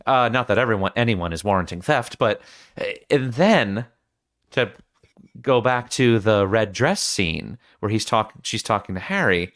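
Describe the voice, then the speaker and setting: A man's voice: lowish voice, expressive, a little slow, fairly bright tone. A man hosting a film podcast, agreeing often and chatting casually. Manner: agreeable, frequent backchannel affirmations. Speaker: podcast host.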